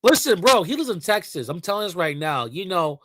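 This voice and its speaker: A man's voice: high-pitched, sing-song, brisk, fairly bright tone, no echo, clean studio sound. A man hosting a livestream, ranting heatedly and profanely, talking back to his chat. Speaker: livestream host.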